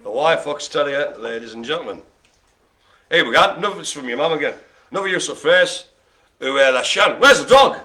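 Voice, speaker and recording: A man hosting a bingo session, joking and chatting between calls with quick asides. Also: fairly high pitch, lively intonation, pushed and bright. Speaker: bingo host. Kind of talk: lively bingo calling with banter.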